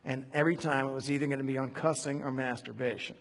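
A man preaching a conversational sermon, animated and digressive, with many fillers and restarts. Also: mid-range voice, fast, long reverb tail. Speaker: preacher teaching a Bible study.

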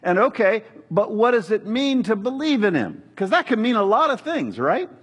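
A middle-aged man preaching a sermon in a conversational, animated way, joking and acting out quotes. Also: sits high, normal speed, husky. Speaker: pastor.

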